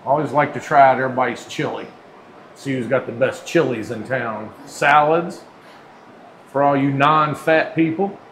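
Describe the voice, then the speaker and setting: Filming his food review vlog inside a sandwich shop, this man keeps things folksy and chatty with playful slang. He talks at a moderate pace in a mid-range, slightly bright voice, captured in a low-quality recording with a little hiss or hum.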